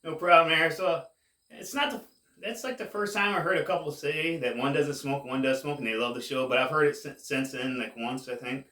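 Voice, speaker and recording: A man casually rambling to camera as a cannabis vlogger, laid-back and drawn-out, saying "man" a lot, high while he talks. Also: bright, forceful tone, reverberant, far from the mic. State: high, getting more stoned.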